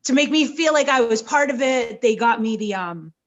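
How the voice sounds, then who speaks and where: Woman, pro wrestler guest, slightly high-pitched, lively storyteller, casual interview. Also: moderate pace, lo-fi sound. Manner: lively storyteller, acts out quotes.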